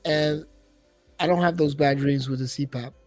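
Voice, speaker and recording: A man's voice: fairly high pitch, fairly even intonation, moderate pace, a little mellow, no room sound, soft background music. Male co-host, earnest storyteller with vocal sound effects, dry sound. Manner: earnest, uses sound effects while telling stories. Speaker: podcast co-host. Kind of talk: casual chat.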